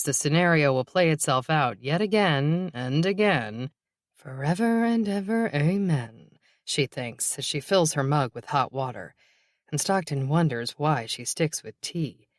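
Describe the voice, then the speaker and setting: A woman narrating a novel in a steady, even reading voice. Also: low voice, no room sound, studio quality. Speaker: audiobook narrator. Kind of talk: scripted narration.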